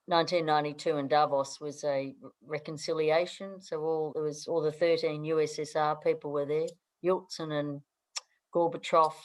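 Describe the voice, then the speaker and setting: Australian woman, middle-aged, low-pitched, chatty, laughs a lot, restarts sentences. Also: low-quality recording. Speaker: guest, newspaper editor. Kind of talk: casual interview chat.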